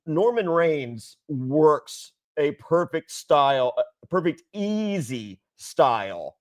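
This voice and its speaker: Lively, animated man telling stories. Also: slow. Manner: lively storyteller, laughs often, does high squeaky voices for quotes. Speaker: podcast co-host. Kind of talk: casual wrestling chat.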